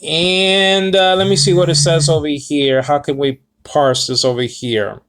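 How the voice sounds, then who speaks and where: Man with a somewhat high voice, talking through a Greek word study off the cuff and full of ums and restarts. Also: fairly even intonation, unhurried, a bit bright. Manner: rambling, self-correcting, many fillers. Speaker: Bible teacher. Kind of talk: casual Greek word lesson.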